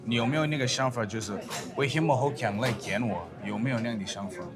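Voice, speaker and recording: A man of middle pitch asks questions and translates each reply. Loud music plays under his voice. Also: fast talker. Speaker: interviewer and interpreter. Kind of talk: interviewing and interpreting.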